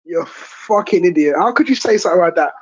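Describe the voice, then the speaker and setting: A woman's voice: on the low side, animated, fairly quick, breathy edge, no room sound, muffled recording. Blunt, swearing woman on a stream. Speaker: stream host. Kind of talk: casual reaction chat.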